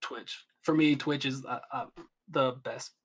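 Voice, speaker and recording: A man's voice: mid-range voice, fairly even intonation, a little slow, a crowd in the background. A young man chatting as a podcast guest, rambling with many restarts and fillers. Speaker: guest streamer. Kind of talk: casual podcast chat.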